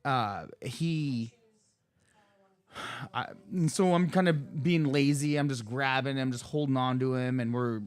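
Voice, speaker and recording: A man's voice: medium pitch, a little slow. A man in his thirties, a podcast guest, telling a long story in casual chat, rambling and swearing with many restarts and fillers.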